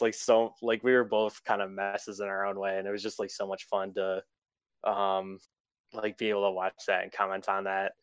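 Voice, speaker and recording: Young man, low smooth voice, dry close sound, laid-back monotone delivery with many fillers, casual interview talk. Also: no room sound. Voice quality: self-described monotone. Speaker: eliminated player being interviewed.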